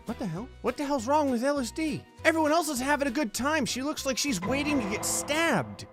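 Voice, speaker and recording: A man's voice: extremely high pitch, lively intonation, fairly bright tone. A young man giving sarcastic, profane comedic commentary over gameplay. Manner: sarcastic, profane, mock-cruel humor with quick voiced asides. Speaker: gaming commentator. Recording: faint background music under voice.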